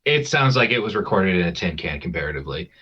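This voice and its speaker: Husky low man rambling casually. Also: big pitch swings, fast, bright, forceful tone. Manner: rambling, restarts, laughs, swears. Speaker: podcast co-host. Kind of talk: casual chat. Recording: dull, lo-fi podcast mic.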